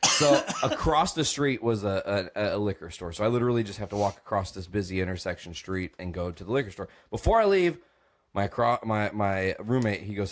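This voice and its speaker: On his comedy podcast, a young male host spins an animated, rowdy tale a little fast in a lowish voice with lively intonation. He swears freely, laughs a lot, and does voices for the characters.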